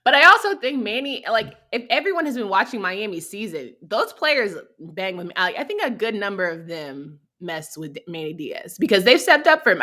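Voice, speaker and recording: A woman with a bright, sharp voice chatting casually about sports on a podcast. Her talk is loose and slangy, full of quick agreeing asides. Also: medium pitch.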